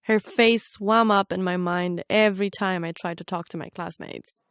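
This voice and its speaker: A woman's voice: fairly low pitch, fairly even intonation, normal speed, clear, resonant tone, no echo. Young woman narrating in a dry booth. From Romania. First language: Romanian. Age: young adult. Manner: reflective, personal storytelling. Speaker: narrator and reporter. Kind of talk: scripted documentary narration.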